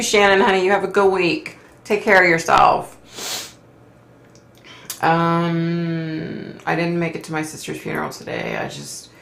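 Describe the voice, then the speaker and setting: A woman's voice: fairly low pitch, gravelly, fairly bright tone, echoey room. A middle-aged woman hosting a psychic livestream, reading viewer comments aloud and answering with sympathy and frequent sighs. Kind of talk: casual live chat reading comments.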